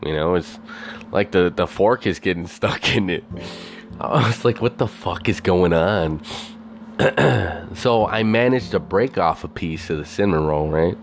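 A man telling a story in a casual, animated rant, swearing constantly and filling his talk with "like" and "you know". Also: low-pitched, a little slow, vocal fry, a little hiss or hum. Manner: animated, heavy swearing, many fillers.

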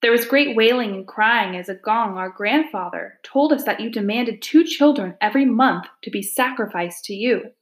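A woman's voice: on the high side, moderate pace, hardly any pauses, roomy sound, voice pushed up, close to an everyday voice. A woman voicing a frightened little girl who pleads before a tiger spirit in a storybook reading, her voice quivering. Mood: anxious.

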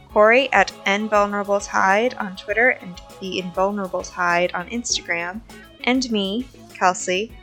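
Brief: female podcast host, steady scripted outro, faint music behind. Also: mid-range voice. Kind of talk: read outro credits. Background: soft music.

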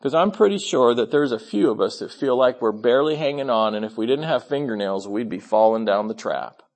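A man's voice: mid-range voice, expressive, fairly quick, darkish tone. A man preaching a sermon in an earnest, emphatic way, often restarting his phrases. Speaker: pastor.

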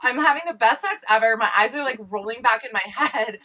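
A woman co-hosting a podcast in casual chat, telling an animated story full of "like" and swearing. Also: fairly high pitch, a little fast, poor audio. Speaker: podcast co-host.

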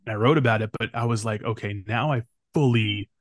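A man speaking as a podcast guest in casual conversation, relaxed and rambling with frequent restarts. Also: on the low side, fairly quick, no echo, clean studio sound. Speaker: podcast guest, film critic.

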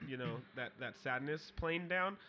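A man co-hosting a podcast in casual chat, excitable and quick to laugh. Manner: excitable, loud laughs, jumps into high-pitched voices. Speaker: podcast co-host. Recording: dull lo-fi podcast audio, faint hiss.

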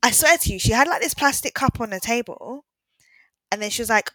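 A woman with a British accent co-hosting a podcast, telling stories in lively, emphatic casual chat. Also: fairly high pitch, a little fast, dry recording. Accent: British English. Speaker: podcast co-host.

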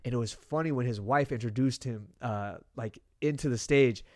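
This is a young man hosting his own podcast. He talks in a casual, profane way and gets animated when he tells a story. His voice sits in a middle range and is recorded dry and close. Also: mid-range voice, normal speed, no room sound. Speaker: podcast host. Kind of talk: casual chat.

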